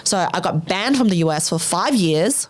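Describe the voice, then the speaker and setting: A woman's voice: lowish voice, animated, moderate pace. A young Australian woman hosting a podcast, telling her own story candidly in blunt, run-on sentences full of swearing. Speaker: podcast host.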